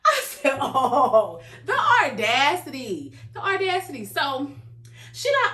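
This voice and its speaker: A young adult woman hosting a reaction video, recapping an episode in casual, animated storytelling and acting out the characters' lines. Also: high-pitched, unhurried. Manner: animated storytelling, acts out characters' lines, calls viewers "baby". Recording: echoey room, faint background noise.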